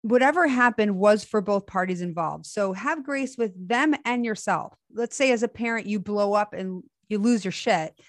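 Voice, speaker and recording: A woman's voice: medium pitch, moderate pace, hardly any pauses, no room sound, studio quality. A woman in her thirties hosting a podcast, talking casually and enthusiastically in spiritual terms. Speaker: podcast host. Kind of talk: casual conversation.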